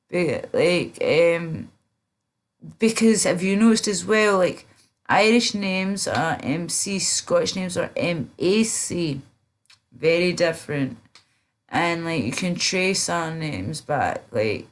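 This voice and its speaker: Sleepy woman on a livestream just rambling slow w lots of ums, kinda low voice. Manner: rambling, many fillers and trailing off. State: drowsy, slurred. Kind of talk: casual livestream chat.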